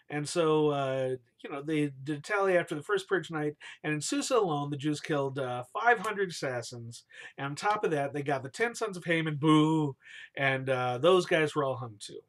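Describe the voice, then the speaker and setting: Male storyteller, casual and slangy, cheers and boos names, bright and animated. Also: fairly high pitch, moderate pace. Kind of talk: casual, jokey retelling of a scripture story.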